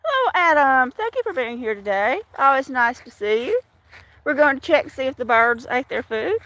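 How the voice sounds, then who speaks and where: With background noise audible, a woman with a slightly high voice talks at a moderate pace while live-streaming outdoors. Walking through her storm-damaged yard in Washington state, she chats casually, greets viewers by name, and often laughs.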